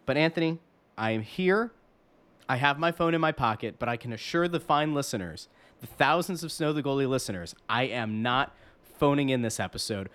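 A man co-hosting a casual hockey podcast, talking in an animated, mock-indignant rant. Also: on the high side. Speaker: podcast co-host.

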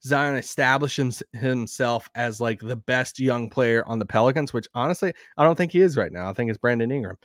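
A man with a Southern accent hosting a sports podcast, rambling and animated, laughing now and then. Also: medium pitch, normal speed, hardly any pauses, no room sound, clean studio sound. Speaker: podcast host. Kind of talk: casual sports talk.

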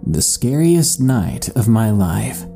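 A man narrating a listener's horror story in a measured, suspenseful first-person read for a podcast. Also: lowish voice, very animated, gravelly, dark tone. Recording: faint music bed under voice.

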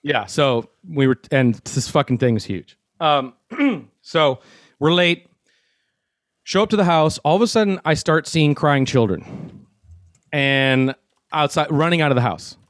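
Animated man telling a wild story. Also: fairly high pitch, unhurried, no room sound, studio quality. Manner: animated storyteller, swears, acts out quotes. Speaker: show host telling a story. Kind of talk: casual storytelling chat.

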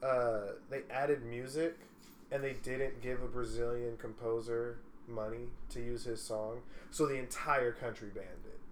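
A man's voice: mid-range voice, unhurried, a little hiss or hum. Male co-host, easy and informative, echoey room. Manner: relaxed, informative, explains facts. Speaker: podcast co-host. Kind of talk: casual chat. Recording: roomy echo.

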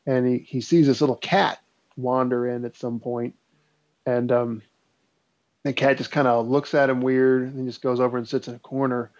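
A man's voice: medium pitch, moderate pace. A man in a casual chat, spinning an old spooky tale in a loose, rambling way full of ums and likes. His voice sits in a middle range. The recording is somewhat dull and muffled. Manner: rambling, relaxed storyteller with many fillers. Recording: dull lo-fi sound.

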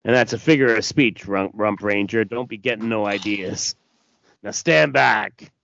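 A man's voice: lowish voice, a little slow, creaky, fairly bright tone. A man reading as Lobo, a crude sneering alien brute. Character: crass brawling male alien bounty hunter. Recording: dull dry lo-fi recording.

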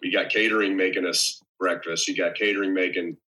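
A man's voice: low-pitched, fairly even intonation, a little fast, bright, forceful tone, rough recording. A man, an actor as interview guest, explaining things in long rambling stretches with wry humor. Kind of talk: casual chat.

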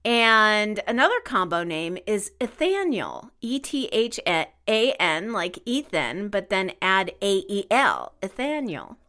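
A woman's voice: mid-range voice, very animated, takes it slowly, hardly any pauses, pushed and bright. A woman co-hosting a casual podcast chat, reading out listener suggestions and spelling names letter by letter. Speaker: podcast co-host.

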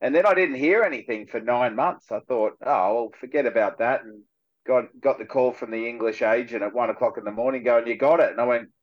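A male actor with an Australian accent, a guest on a radio show, telling stories in relaxed chat and laughing easily. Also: medium pitch, a little fast, dull audio.

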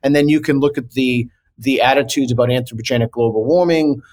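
Male guest, mid-pitched, earnest debater, stops and restarts mid-thought. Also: a little mellow. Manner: earnest and argumentative, with many halting restarts. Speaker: interview guest. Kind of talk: conversational video interview.

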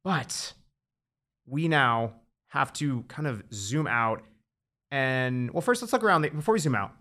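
A man's voice: medium pitch, expressive, a little slow, sharp tone. A man co-hosting a casual soccer podcast, chatting conversationally and steering topics along. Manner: conversational, with frequent fillers and agreement. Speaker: podcast co-host. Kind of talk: casual soccer preview chat.

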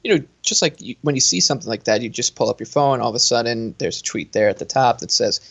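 A man's voice: medium pitch, fast, gravelly, slightly rough. A man telling a story in a casual sports chat, rambling and cutting himself off as he goes. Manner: rambling, self-interrupting, animated storytelling. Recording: dull lo-fi sound.

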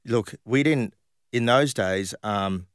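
A man's voice: mid-range voice, takes it slowly, clear, resonant tone, dry recording, clean studio sound. An Australian man in his fifties, a former footballer, telling casual stories in an interview with lots of fillers and restarts. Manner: animated anecdotes with many fillers and restarts. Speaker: guest, former professional footballer.

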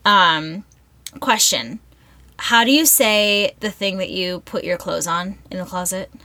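A woman's voice: mid-range voice, measured pace, sharp tone, no room sound. A young woman from Minnesota co-hosting a podcast, chatting casually and emphatically with frequent laughter. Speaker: podcast co-host. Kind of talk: casual chat.

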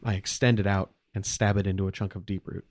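Male tabletop player, very deep mellow voice, solemn in character. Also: little pitch movement, fast talker, dry recording. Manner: solemn, earnest speeches in character.

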